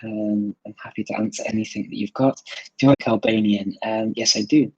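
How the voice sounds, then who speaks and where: A man's voice: on the low side, fairly even intonation, fairly quick, dark tone, slightly rough, no room sound, lo-fi sound. A man hosting a live stream, answering viewer questions in a thoughtful, casual way with many fillers, sometimes switching languages. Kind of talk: live Q&A chat.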